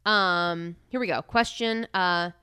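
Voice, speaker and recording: A woman's voice: lowish voice, slow pace, sharp tone, clear, resonant tone. A young adult woman co-hosting a casual comedy chat, reading out quiz questions in a teasing voice and laughing often. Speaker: podcast co-host.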